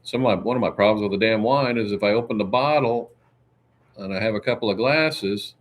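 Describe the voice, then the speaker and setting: A man's voice: fairly low pitch, brisk. A man hosting a casual livestream, rambling through chat questions and answering them one by one. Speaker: livestream host.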